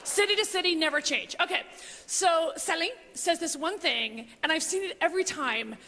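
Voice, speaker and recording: A man putting on a brash female comic with a very high, bright voice that leaps all over the place. She gushes and squeals through a gossipy story, and the voice rings in an echoey hall. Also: vocal fry, slight background noise, heavily acted. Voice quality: giddy, rapid, squealing. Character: brash gossipy female comedian telling backstage stories. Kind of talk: stand-up parody monologue.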